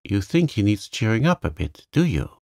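A man voicing a gruff, stern old gentleman who is kind underneath, speaking abruptly in short sharp questions. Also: on the low side, very animated, moderate pace, no room sound, clean studio sound. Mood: brusque.

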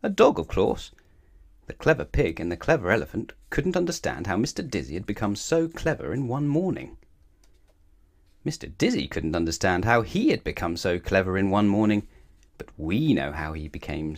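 A man reading a children's storybook aloud in an expressive, sing-song way. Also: low-pitched.

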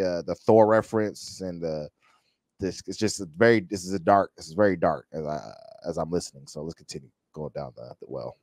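A man's voice: sits low, a little fast, darkish tone, dry recording, studio quality. A man hosting a reaction video, thinking aloud and talking straight to his viewers, often repeating words as he searches for them. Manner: addresses the viewers directly. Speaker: reaction channel host. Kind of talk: casual reaction commentary.

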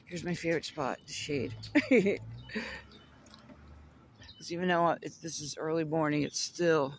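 A man's voice: on the high side, steady tone, measured pace. A man from Florida chatting casually to the camera while riding through his neighborhood streets. He giggles often and keeps talking to his dog along the way. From Florida, USA. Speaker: artist vlogger. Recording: loud outdoor noise and traffic. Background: outdoor ambience, vehicles, birds.

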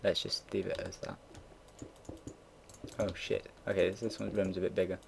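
Narrating a game build, a young man in his late teens chats loosely in a low, gravelly voice with a level tone at normal speed. He drifts between stories, gets sidetracked, loses his thread, and swears offhandedly in this casual gameplay commentary. A faint hiss runs beneath him alongside soft keyboard typing and mouse clicks.

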